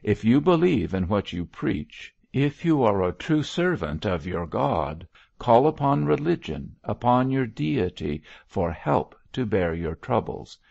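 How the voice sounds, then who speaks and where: A man reading an audiobook, voicing a blunt doctor who exhorts his friend firmly and briskly. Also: fairly low pitch, very animated, vocal fry, a little mellow, no echo, muffled recording, voice pushed up, heavily acted. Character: blunt, firm middle-aged male doctor.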